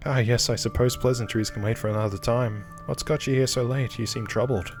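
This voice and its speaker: A man voicing a gracious, enigmatic middle-aged woman in a slow, motherly old-lady voice while reading game dialogue aloud. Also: mid-range voice, steady tone, music in the background, natural voice. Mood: genteel.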